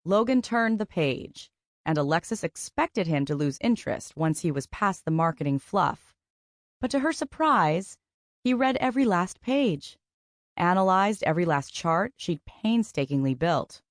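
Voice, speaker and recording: A woman narrating a contemporary romance audiobook in an even, measured storytelling manner. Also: fairly low pitch, no echo, clean studio sound. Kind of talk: scripted narration.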